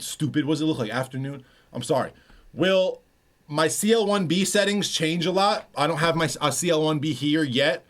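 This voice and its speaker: Dude producer on a livestream, kinda highish voice, chill, swears a lot reading chat. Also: male voice. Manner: laid-back, swears freely, reads and answers chat. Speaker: music producer streamer.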